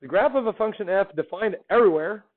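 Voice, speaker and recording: A man's voice: high voice, lively intonation, fast. A man teaching a math class, lecturing in an upbeat way and quizzing his students as he goes. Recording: phone-like lo-fi classroom recording.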